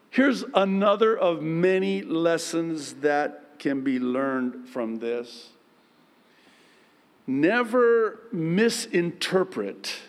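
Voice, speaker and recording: Slow-preaching man in a reverberant hall. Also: mid-range voice. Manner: slow, building to animated outbursts. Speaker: pastor. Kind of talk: sermon.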